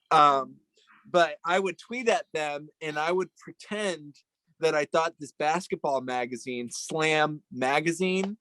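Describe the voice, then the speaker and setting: Casual rambling guy cracking jokes, kinda high voice, dead dry sound. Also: a bit bright, no echo, rough recording. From Italian heritage. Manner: rambling, jokey, searches for words. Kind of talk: casual chat.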